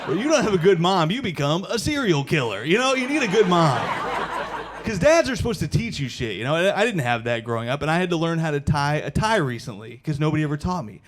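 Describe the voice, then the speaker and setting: A man in his thirties doing a stand-up comedy set on a stage mic, loose and chatty, calling the crowd "dude" and breaking into loud shouted impressions. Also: on the high side, sing-song, fast talker, a little hiss or hum. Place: comedy show before a live audience.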